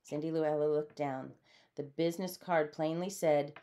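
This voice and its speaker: A woman's voice: low voice, normal speed. Woman reading a storybook aloud. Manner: lively, puts on voices for characters. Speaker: storybook reader. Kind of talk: read-aloud storybook narration.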